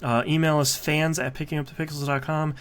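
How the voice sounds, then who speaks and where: A man hosting a video game podcast in casual chat, relaxed and chatty, with lots of "uh" fillers as he talks. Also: a little high, brisk, clean tone. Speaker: podcast host.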